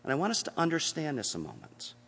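A man delivers a sermon as pastor, his voice fairly high for a man and swinging widely in pitch. He moves from quiet, earnest passages to emphatic appeals. The sound carries the long reverb of a church hall. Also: huge pitch swings, fast talker, creaky, slightly rough. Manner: earnest preaching, shifting from hushed to emphatic.

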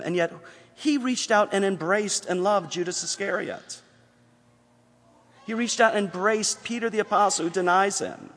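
A man preaching a sermon as pastor, earnest, moving between hushed passages and emphatic appeals. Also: high-pitched, moderate pace, big-room sound.

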